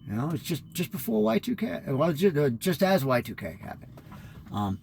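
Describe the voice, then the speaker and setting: A man's voice: fairly high pitch, very animated, normal speed, gravelly, darkish tone, slight background noise. A man in his fifties rambling through a candid, profane personal monologue as host of his own show. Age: 50s.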